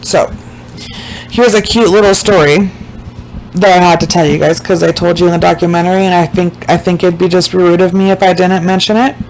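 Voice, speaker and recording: A woman casually recapping a documentary to her viewers, emphatic and blunt, swearing freely and slowing down to stress the points that upset her. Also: lowish voice, steady tone, a little mellow, rough recording.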